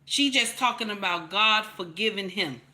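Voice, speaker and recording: A woman's voice: mid-range voice, normal speed. A woman giving blunt, profane opinion commentary to camera, preaching and repeating her points for emphasis, often calling listeners "baby". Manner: repeats points for emphasis, rising to loud outbursts. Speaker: commentary channel host.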